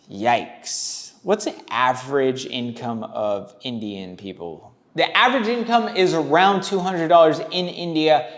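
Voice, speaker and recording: A man hosting, giving blunt, profane, rambling commentary on tattoos. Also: a little high. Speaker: tattoo reaction host.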